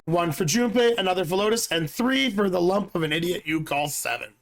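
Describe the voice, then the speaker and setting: A slightly hoarse man voicing a cold, polite, murderous older male villain in a calm, measured way. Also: high voice, faint music behind.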